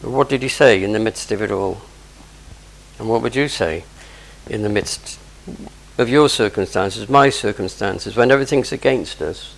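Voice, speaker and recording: A man's voice: fairly low pitch, normal speed, creaky, poor audio. A man preaching a sermon, explaining scripture verse by verse with conversational asides.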